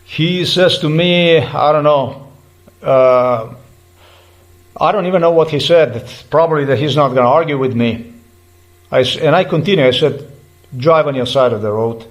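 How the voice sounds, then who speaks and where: A man's voice: a little high, moderate pace, pauses often, low-quality recording. Agitated man retelling a confrontation. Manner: repetitive, restarts, swears when heated. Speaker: vlogger recounting a roadside dispute. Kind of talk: agitated personal account.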